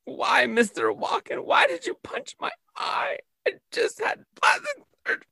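A man voicing a TV co-host who has just been punched, wailing his complaints in a high pitch. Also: wildly swooping pitch, normal speed, creaky, bright, forceful tone, dry recording, heavily acted. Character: shrill male TV co-host, punched and whining.

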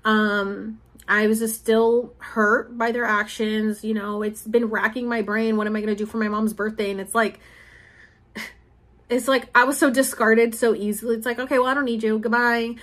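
A woman's voice: fairly high pitch, level tone, moderate pace, a bit bright. A young woman in her twenties talking casually and emotionally, rambling with many fillers as she shares a personal spiritual update. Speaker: spiritual vlogger and podcaster.

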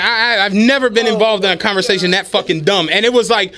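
A young man co-hosting a casual podcast, his voice sitting very high and sounding bright and sharp. He tells his stories in an animated, profane way and laughs his way through them. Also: fast. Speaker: podcast co-host. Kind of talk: casual chat, comic storytelling.

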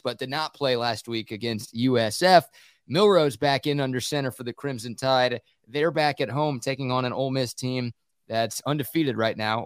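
Guy hosting sports radio, chatty and quick, says like a lot, dry close studio mic. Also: medium pitch, no room sound. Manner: quick, conversational, laughs easily, filler "like". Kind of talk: casual sports talk and analysis.

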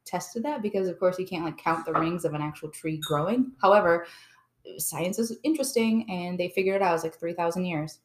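A woman's voice: on the low side, fairly quick. A woman co-hosting a podcast in casual chat, playful and jokey, wandering off on tangents. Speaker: podcast co-host.

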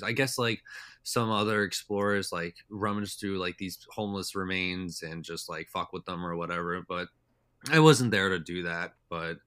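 A young man with a low-pitched, bright, forceful voice tells stories as a podcast guest, recorded without echo. The casual chat rambles loosely and is heavy with "like" and "uh."

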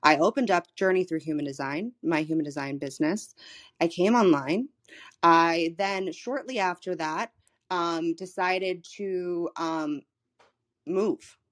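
A woman's voice: fairly low pitch, measured pace. Human design coach lady, 30s, from florida, chatty and blunt, stumbles and restarts a lot. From Florida, USA. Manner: animated, swears freely, repeats words and restarts. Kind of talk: casual storytelling in a live audio room. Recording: live social audio room recording.

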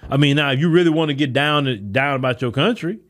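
A man's voice: mid-range voice, quick pace, a bit bright. A man hosting a solo podcast, giving impassioned commentary in with rhetorical questions to his listeners. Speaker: podcast host.

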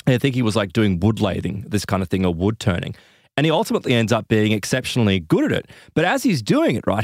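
A man's voice: lowish voice, no room sound. Man telling a story in a dry room. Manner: animated retelling with frequent fillers and asides. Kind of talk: casual storytelling chat.

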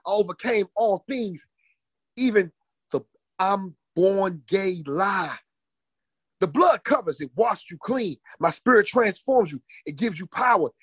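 A man's voice: high-pitched, husky, no echo, clean studio sound, exaggerated voice. A man voicing the solemn, loving divine voice of a male savior speaking to him. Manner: calm, solemn, loving reassurance.

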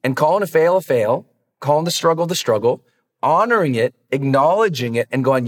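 A man coaching his listeners in an earnest, direct podcast talk. He challenges them with hard questions and softens it with warm asides. His voice sits in a middle pitch and carries a long reverb tail. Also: lively intonation, fast talker. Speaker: high performance coach.

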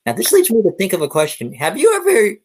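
A man's voice: high voice, wildly swooping pitch, quick pace, a little mellow, slightly rough. A man interviewing a guest, asking questions eagerly. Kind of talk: casual interview.

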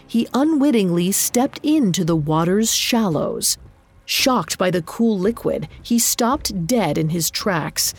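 Woman, slow and deliberate, steady storytelling narration. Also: mid-range voice, husky. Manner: measured, even storytelling delivery. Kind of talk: scripted narration.

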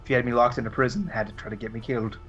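Deadpan man player, muffled lo-fi audio. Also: medium pitch, soft background music. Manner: quick, deadpan quips. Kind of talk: casual chat. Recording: dull, distant lo-fi sound.

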